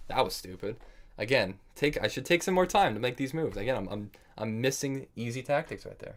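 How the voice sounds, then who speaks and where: An American man streams online chess, thinking aloud about his moves, chiding himself for errors, and casually bantering with viewers. His medium-pitched voice is lively and a little fast.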